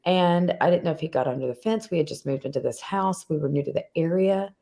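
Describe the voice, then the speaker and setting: A woman's voice: sits low, fast, vocal fry, warm tone. A woman co-hosting a live online show, chatting casually and telling stories with a giggle. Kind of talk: casual livestream chat.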